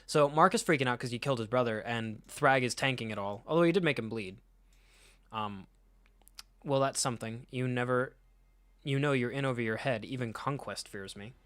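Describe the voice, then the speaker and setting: A man hosting a casual comic read-through, rambling and reacting as he goes. He swears freely and laughs often, in a mid-pitched voice. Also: moderate pace, a bit bright. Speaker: comic reader, channel host.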